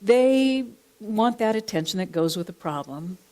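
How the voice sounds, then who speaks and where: A woman minister preaching in a church, her voice at a middle pitch. She tells a personal story and circles back over her points, repeating and rephrasing them. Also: expressive, measured pace, mellow. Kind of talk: sermon with personal anecdote. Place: church sanctuary.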